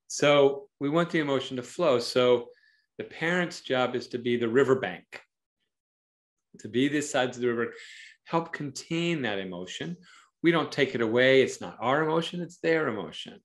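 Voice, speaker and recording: A man, a psychologist, explaining parenting ideas in a conversational interview, animated and thoughtful, often acting out voices in quotes. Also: medium pitch, moderate pace. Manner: thoughtful, uses metaphors to explain. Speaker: psychologist and author, interview guest.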